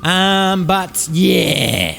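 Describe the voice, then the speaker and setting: Rambling podcast host. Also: male voice, sits high, big pitch swings, very slow, vocal fry, over music. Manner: rambling, profane, hyped-up. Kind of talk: comedic storytelling monologue. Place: Sydney.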